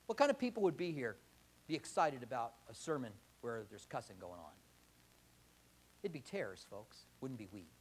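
Male pastor, high animated voice, impassioned sermon delivery in church. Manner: impassioned, rising to emphatic exhortation.

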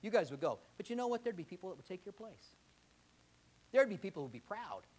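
Impassioned high-voiced man preaching. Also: sing-song, a little fast, slightly rough. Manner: impassioned, rising to emphatic exhortation. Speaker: pastor. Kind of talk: sermon.

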